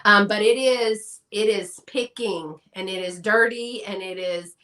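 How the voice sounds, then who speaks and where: A woman's voice: medium pitch, unhurried, bright, forceful tone. A woman from Texas with a Southern accent, chatting casually in a live stream and laughing often. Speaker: guest collector.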